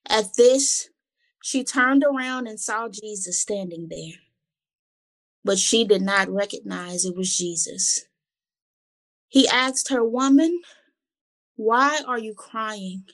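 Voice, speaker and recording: A woman's voice: mid-range voice, slow, long pauses. A woman reading Bible verses and reflecting on them in an earnest, conversational way, often repeating words as she gathers her thoughts. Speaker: Bible study co-host.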